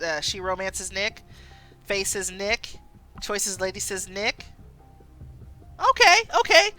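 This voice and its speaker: A woman's voice: mid-range voice, pushed and bright. A young woman streaming a story game live, chatty and laughing often as she talks to her viewers.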